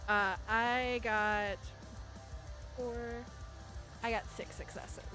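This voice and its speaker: A woman's voice: medium pitch, fairly even intonation, extremely slow, sharp tone, faint music behind. A woman running a tabletop game as game master, narrating playfully, laughing often, and swearing in mock outrage.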